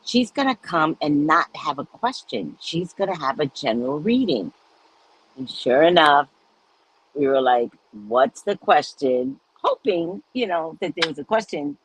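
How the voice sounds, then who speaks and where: A woman's voice: low voice, lively intonation, unhurried, a little hiss or hum, rough recording. A woman hosting a live stream, chatting casually and telling stories with frequent laughter. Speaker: host of live readings.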